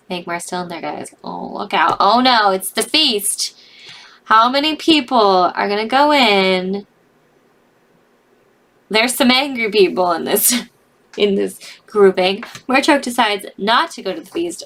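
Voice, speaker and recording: A woman's voice: fairly high pitch, fairly bright tone. A young woman reading out a game's results and reacting to them with cries and laughter in casual commentary. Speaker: gaming video host.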